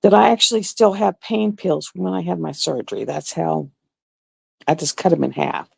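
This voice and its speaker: A woman's voice: lowish voice, normal speed, vocal fry, husky, no echo. A woman hosting a livestream, chatting casually with viewers and acting out quotes as she tells stories. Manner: chatty storyteller, acts out quotes. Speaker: livestream host.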